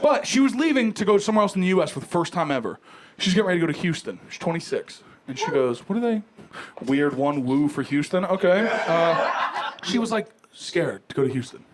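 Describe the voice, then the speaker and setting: Young male comic, high-pitched and brash, live club recording with the crowd audible. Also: brisk, noisy background. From Ohio. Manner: brash, profane, animated storytelling. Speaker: stand-up comedian. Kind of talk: stand-up comedy set. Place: comedy club stage with live audience.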